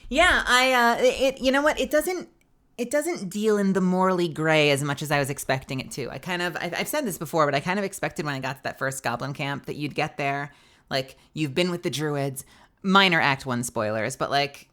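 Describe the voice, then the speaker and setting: A woman voice actor chats with her stream in a loose, rambling way, with lots of fillers. Her voice sits a little low, but its tone comes through bright and crisp. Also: normal speed. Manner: chatty, rambling, filler-heavy. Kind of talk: casual live-stream chat.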